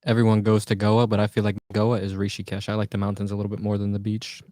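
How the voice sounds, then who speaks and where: A man's voice: lowish voice, monotone, fast, warm tone, no room sound, studio quality. A man from the United States chatting casually on a livestream, joking and answering viewer comments.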